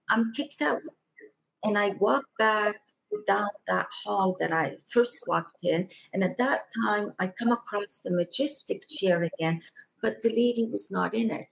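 A middle-aged woman from Egypt telling a personal spiritual testimony as a guest, in a slow, halting and emotional way. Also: medium pitch, vocal fry, slightly rough, poor audio.

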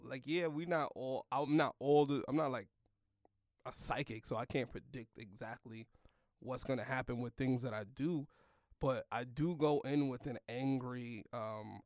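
Slangy, rambling young comedian, dry sound. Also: male voice, mid-range voice, dry recording. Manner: loose, slangy, rambling, lots of "like" and "yo". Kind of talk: casual storytelling in a podcast chat.

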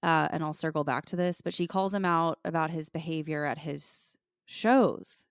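Low-voiced woman recapping reality TV. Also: moderate pace, dry recording, studio quality. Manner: animated retelling, quoting others. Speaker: podcast co-host. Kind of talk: casual recap chat.

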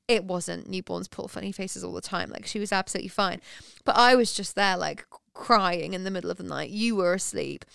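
A woman co-hosting a podcast, chatting in a lively, animated way. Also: medium pitch, gravelly, clear, resonant tone, no echo, studio quality. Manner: chatty, animated retelling with acted quotes. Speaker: podcast co-host. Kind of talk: casual chat.

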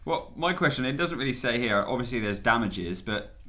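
A young man co-hosting a casual football podcast, asking blunt, quick questions. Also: mid-range voice, animated, sharp tone. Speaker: podcast co-host. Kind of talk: casual chat.

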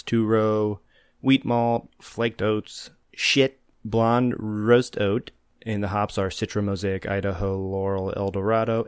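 A man co-hosting a casual podcast, relaxed and explanatory, chuckling now and then. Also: lowish voice, smooth, no room sound, studio quality. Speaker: podcast co-host. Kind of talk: casual chat.

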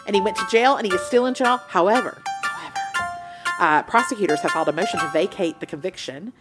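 A woman co-hosting a podcast in casual chat, animated and playful. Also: medium pitch, fast, loud music behind the voice. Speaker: podcast co-host.

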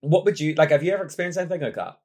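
A man's voice: fairly high pitch, racing, darkish tone. Joking young man hosting a podcast. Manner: playful, swears freely, laughs often. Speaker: podcast host. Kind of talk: casual advice podcast chat.

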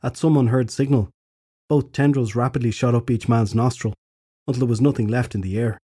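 A man reading an audiobook in a steady, measured way as its narrator. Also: medium pitch, slightly rough, no echo, studio quality. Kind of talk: scripted narration.

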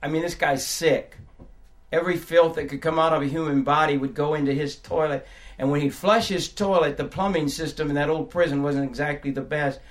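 Older male preacher, high voice, emotional testimony that drops to a hush and rises to shouts. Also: steady tone, a little fast. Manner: swings from hushed storytelling to crying shouts. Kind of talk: sermon testimony.

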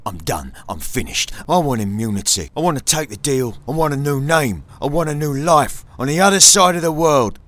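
A man's voice: on the high side, expressive, moderate pace, hardly any pauses, a bit bright, no echo, pitched above the performer's own voice. A man voicing a fed-up, desperate man who is quitting crime and pleading to take the deal.

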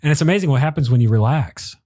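A man's voice: medium pitch, animated, fast, dark tone, no echo. A man hosting a livestream interview, chatty and self-deprecating as he reads out viewer comments. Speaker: livestream host.

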